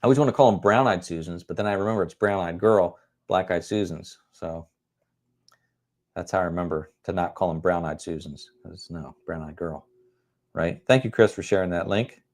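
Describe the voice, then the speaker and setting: Man, middle-aged, livestream host, casual rambling chat, frequent chuckles, slightly low pitch. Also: normal speed. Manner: rambling, chuckles often, self-deprecating humor. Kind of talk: casual livestream chat answering viewer comments.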